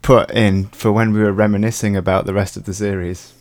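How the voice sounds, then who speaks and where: A man's voice: fairly low pitch, flat delivery, brisk, darkish tone, no room sound. A man co-hosting a casual podcast, explaining his music in a rambling, self-deprecating way over a remote call. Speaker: musician and co-host.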